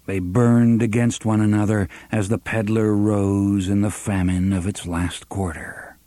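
A man reading a novel aloud as an audiobook narrator, measured and unhurried, sometimes dropping to a soft half-whisper. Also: lowish voice, little pitch movement, no room sound. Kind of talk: scripted narration.

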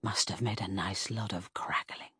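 A woman's voice: rumbling low, fairly quick, slightly rough, dry recording, studio quality, heavily acted. A woman whispering as a cruel gloating bootmaker. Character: menacing male bootmaker captor, gloating and cruel. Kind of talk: whispered role-play.

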